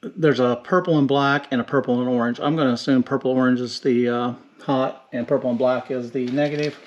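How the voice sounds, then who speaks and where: A man casually narrating how he installs speakers in a van while he works, rambling and relaxed. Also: medium pitch, fairly quick, muffled recording. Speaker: car audio DIY hobbyist. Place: inside a van, working on a door. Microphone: handheld camera.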